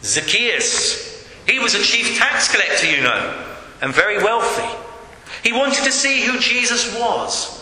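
A man's voice: high voice, expressive, unhurried, pushed and bright. A man preaching an earnest sermon, rising into calls and appeals, in a church hall. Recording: echoey hall with long reverb.

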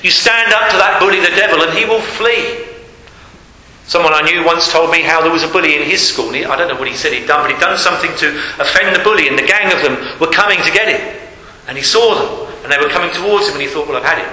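Male preacher, bright, fairly high voice, earnest sermon delivery that drops to hushed emphasis, echoey hall. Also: quick pace. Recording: echoey hall with long reverb, faint hiss.

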